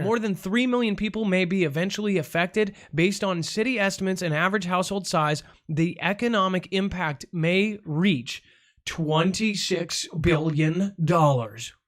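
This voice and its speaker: A man's voice: sits high, normal speed, hardly any pauses. A man hosting a comedy call-in news show, stumbling over words, repeating them in silly voices and making joking asides to himself. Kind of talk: goofy read-out news blooper reel.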